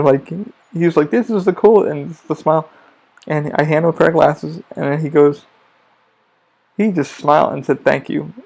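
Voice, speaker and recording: A man's voice: a little high, creaky, a little mellow, poor audio. A man hosting a podcast, telling rambling stories about his theme park job in a casual monologue full of profanity. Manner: profane, storytelling, emphatic. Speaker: podcast host.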